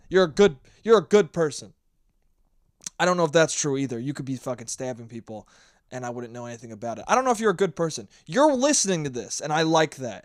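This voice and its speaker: A man's voice: on the high side, dry recording, studio quality. A man hosting a solo podcast, rambling and profane in a casual, self-mocking monologue. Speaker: podcast host.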